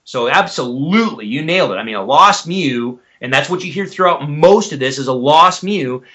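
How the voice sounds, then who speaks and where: A man's voice: fairly high pitch, animated, moderate pace, sharp tone, lo-fi sound. A man, a guest expert on a podcast, explaining things in a methodical, teacherly way. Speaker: guest expert on elk calls. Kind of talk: explanatory interview talk.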